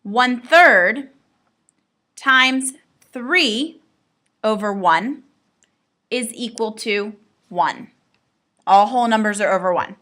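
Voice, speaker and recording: A woman's voice: a little high, slow, pauses often, sharp tone. A woman teaching a recorded math lesson, explaining step by step with playful asides to her students.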